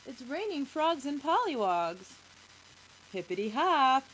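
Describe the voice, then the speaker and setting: A woman's voice: sits high, big pitch swings, slow, fairly bright tone, a little hiss or hum, pitched above the performer's own voice, exaggerated voice, rough recording. A woman voicing a cheerful little boy in a frog costume, bubbly and playful, for a children's storybook reading. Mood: gleeful.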